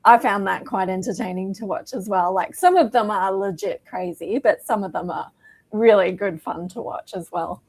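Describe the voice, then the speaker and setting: Woman, podcast co-host, casual chat, enthusiastic, mid-pitched. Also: moderate pace, gravelly, slightly rough.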